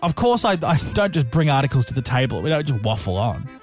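A man's voice: mid-range voice, sing-song, quick pace, darkish tone, faint music behind. A man co-hosting a radio show, playful and cheeky while presenting. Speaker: radio co-host. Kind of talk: commercial radio banter.

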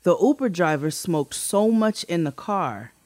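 A woman co-hosting a podcast who tells a story in a casual, animated way, swearing freely and acting out quotes in a much higher voice. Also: measured pace, no echo. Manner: animated, swearing, acts out quotes with big pitch jumps. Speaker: podcast co-host.

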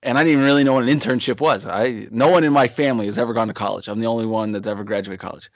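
A man's voice: mid-range voice, racing, no echo, muffled recording. Rambling storyteller man on a podcast. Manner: rambling anecdotal storyteller, acts out quotes. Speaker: podcast co-host. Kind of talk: casual storytelling chat.

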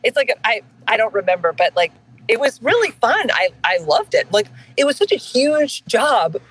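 A woman voice actor chatting in an interview, animated and self-deprecating, laughing often as she tells stories. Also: on the high side, moderate pace, husky, dry recording, poor audio. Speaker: voice actor guest. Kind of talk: casual interview chat.

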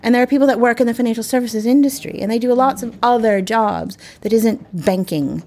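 A woman's voice: fairly high pitch, a little fast, darkish tone. Emphatic woman in her forties. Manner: emphatic, opinionated. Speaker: panel guest. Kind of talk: casual panel discussion.

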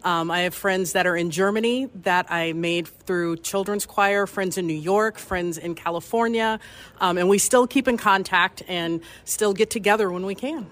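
A woman answering interview questions in a warm, chatty way. She once sang in a children's choir and speaks in a mid-range voice. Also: mid-range voice, moderate pace. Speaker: former choir member.

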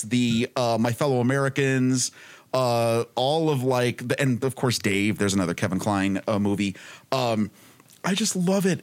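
A man hosting a casual comedy podcast, animated and halting with frequent ums as he runs a movie list game. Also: medium pitch. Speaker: podcast host. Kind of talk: casual chat.

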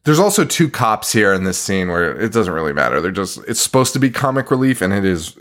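A man's voice: lowish voice, moderate pace. Laughing, swearing man recapping a movie. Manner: profane, laughing, animated retelling. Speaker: podcast co-host. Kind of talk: casual movie review chat.

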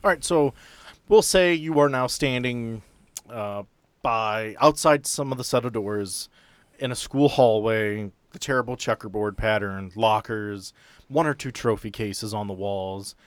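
Man, game master, low voice, dry close sound, measured narration. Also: clean tone, no echo.

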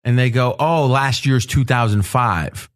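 A man hosting a betting podcast roundtable, telling stories in an animated way and laughing often. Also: medium pitch, a little slow. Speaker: podcast host. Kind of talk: casual roundtable talk.

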